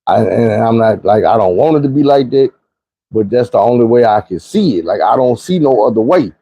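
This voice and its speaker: A man's voice: mid-range voice, expressive, brisk, husky, dry recording, lo-fi sound. A young man telling a profane, vivid personal story in a casual monologue. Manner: vivid, profane retelling with shouted quotes.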